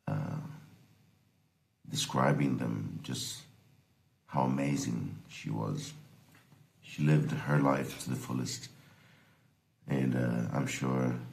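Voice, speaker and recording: A man giving a halting eulogy for his grandmother, holding back tears and pausing often between words. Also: rumbling low, vocal fry, darkish tone, poor audio. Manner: hesitant, many pauses and fillers. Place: recorded from abroad, far from the service.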